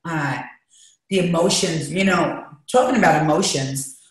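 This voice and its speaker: A woman's voice: low-pitched, measured pace. A woman guest talking candidly and emotionally, rambling as she shares her feelings in an interview. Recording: echoey room.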